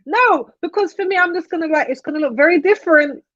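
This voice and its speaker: A woman's voice: very high voice, fast talker, a bit bright, slight background noise. A young woman chatting on a podcast panel, telling stories and laughing often. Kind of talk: casual panel chat. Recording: dull lo-fi podcast audio.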